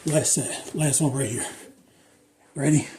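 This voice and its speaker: A man casually vlogging his workout at home, joking around and counting reps out loud. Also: medium pitch, unhurried. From United States. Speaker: fitness vlogger.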